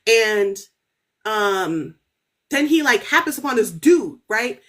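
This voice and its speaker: On a podcast, a thirty-something author guest shares a story in a relaxed, lively manner, taking her time. Her voice is fairly high and spikes up with excitement, and "like" and "right?" come up constantly.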